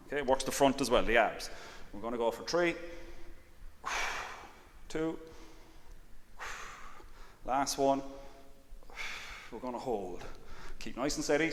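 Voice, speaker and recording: A man leading an exercise class, calmly cueing breaths and counting reps, with "all right" again and again. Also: medium pitch. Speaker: exercise instructor. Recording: long reverb, faint background noise.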